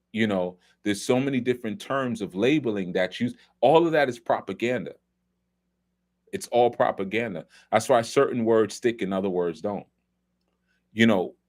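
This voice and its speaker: Low-voiced man talking casually. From New York. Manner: loose and conversational, many restarts and asides. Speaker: host. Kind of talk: casual film commentary talk.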